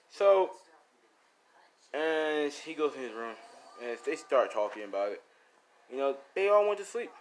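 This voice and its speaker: A man's voice: fairly high pitch, very animated, a little slow, long pauses, background noise. A man improvising a fan story in a rambling, casual way, full of fillers and restarts.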